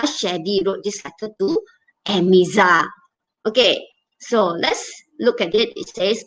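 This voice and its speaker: A woman's voice: medium pitch, a bit bright, low-quality recording. A woman teaching an online English revision lesson, explaining patiently and checking in often with "okay?" and "all right?".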